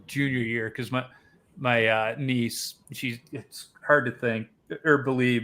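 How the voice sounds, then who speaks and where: A man in his forties hosts a casual podcast chat. His pitch sits in the middle range for a man. He tells stories easily and slips into the voices of the people he quotes. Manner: relaxed storyteller, acts out quoted voices. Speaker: podcast host.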